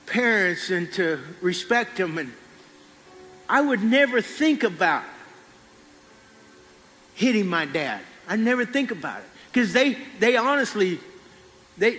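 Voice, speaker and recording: A man preaching a sermon, telling a folksy personal story and dropping low on quiet lines. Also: in a large hall.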